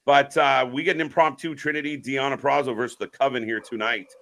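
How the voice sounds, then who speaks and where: A man co-hosting a live wrestling stream in an easygoing, casual chat. His voice is bright and forceful, and he gets excitable, swears freely and greets viewers in the chat as they arrive. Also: medium pitch, quick pace, gravelly.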